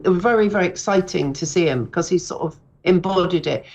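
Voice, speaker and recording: A woman's voice: lowish voice, a little fast, darkish tone, dull audio. A woman in her sixties, a comedian and author, chatting on the radio in a rambling, self-deprecating way with many restarts. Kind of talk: casual radio interview.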